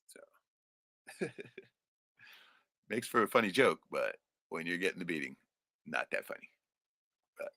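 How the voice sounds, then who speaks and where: A man's voice: low voice, pushed and bright, no echo, clean studio sound. A middle-aged man telling stories from his life in a rambling, profane way, often ending lines with "right?". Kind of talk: casual storytelling.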